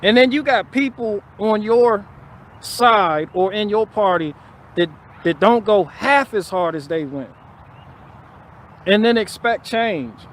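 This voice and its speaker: A man with a notably high voice holds forth on a casual live stream. He talks bluntly and profanely, doubling back on his words as he builds his rant. A faint hiss of noise sits under the recording. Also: lively intonation, slow pace. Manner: repetitive, restarting phrases.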